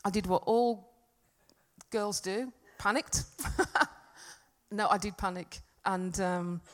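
A middle-aged woman with a mid-range voice speaks slowly at a church gathering. Her sermon includes a personal anecdote told in a chatty, self-deprecating way.

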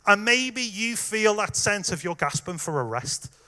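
Bright-voiced man preaching a sermon. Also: high voice, sing-song, a little slow. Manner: conversational, warm direct address with fillers.

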